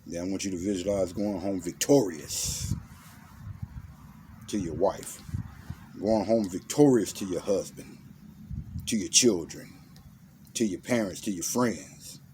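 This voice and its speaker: This man's low voice is mellow and measured, with long pauses, and there's a little background noise. He's a motivational self-defense speaker delivering a blunt, intense monologue full of slang and commands as he guides a visualization.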